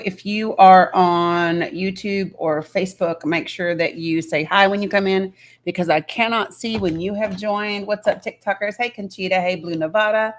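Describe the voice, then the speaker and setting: Woman doing a live stream, says hi to everyone one by one, chatty and relaxed. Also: medium pitch. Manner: greets viewers one by one, talks to her kids off-mic. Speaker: livestream host. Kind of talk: casual livestream chat.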